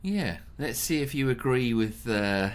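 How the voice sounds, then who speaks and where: A man's voice: mid-range voice, animated, unhurried. A British man co-hosting a reaction video in casual chat, thinking aloud with fillers.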